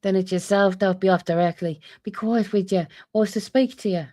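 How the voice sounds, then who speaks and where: A woman's voice: mid-range voice, fairly even intonation, normal speed, warm tone, lightly acted. A woman doing a sly trickster servant. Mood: teasing. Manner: wheedling, teasing, mock-soothing.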